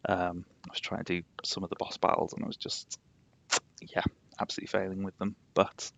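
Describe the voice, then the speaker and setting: This young man from Yorkshire, his accent a touch posh, rambles and laughs frequently while live-streaming a game. He speaks low, monotone, and brisk, with a slightly bright tone on a dry recording.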